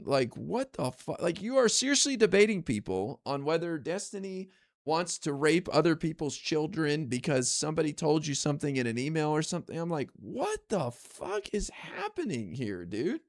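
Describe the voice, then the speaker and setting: A man's voice: a little high, very animated, moderate pace, dry recording, clean studio sound. A man ranting casually on his stream, exasperated and profane, rambling with lots of fillers. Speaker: political streamer.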